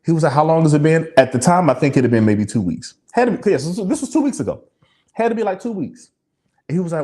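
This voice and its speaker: A man's voice: mid-range voice, very animated, moderate pace, long pauses, a little mellow. A man in casual podcast talk whose voice swings widely up and down. He speaks openly and emotionally, swears freely and breaks into laughter between sentences. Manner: emotional, laughing, profane, confessional. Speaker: podcast co-host. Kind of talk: candid casual chat.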